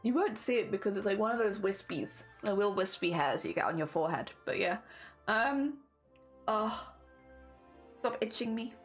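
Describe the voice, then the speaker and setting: A woman's voice: medium pitch, lively intonation, moderate pace, faint music behind. A British woman streaming a craft session, chatting casually with her viewers, laughing often and murmuring "oh dear" as she reads the chat. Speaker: craft livestreamer.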